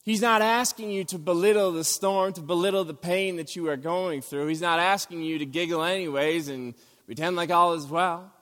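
A man's voice: high-pitched, moderate pace, a bit bright, long reverb tail. Earnest male pastor preaching in a church. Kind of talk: sermon. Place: church sanctuary.

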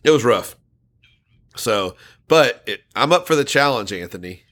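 A man's voice: mid-range voice, lively intonation, a little slow, a bit bright. A man co-hosting a casual podcast, reading out listener comments and laughing often. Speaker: podcast co-host.

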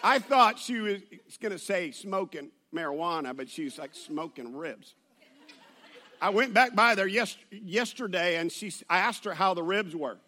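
A male pastor, preaching a sermon to his church and telling stories in an animated way, with many restarts. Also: sits high, normal speed, hardly any pauses. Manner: animated storytelling with laughs and restarts.

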